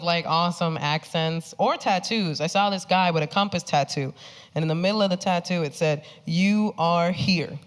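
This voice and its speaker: A woman from the South Bronx with a New York accent, performing a lively stand-up comedy set. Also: on the low side. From South Bronx, New York City. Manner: animated, punchy, laughing through her lines. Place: comedy club stage. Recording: loud live audience noise.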